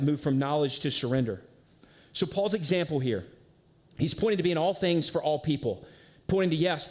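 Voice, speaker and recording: High-voiced casual male preacher. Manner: casual, conversational preaching with slang; animated storyteller. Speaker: pastor. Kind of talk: sermon.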